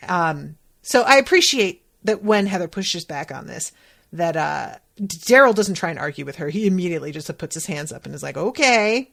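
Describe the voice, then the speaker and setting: A woman talks through a TV episode on her podcast in a loose, candid way. Her voice sits low with a gravelly fry running through it. She jumps up in pitch whenever she acts out a quote. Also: lively intonation, a little fast, fairly bright tone. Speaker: podcast host recapping a TV episode. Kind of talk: casual solo recap.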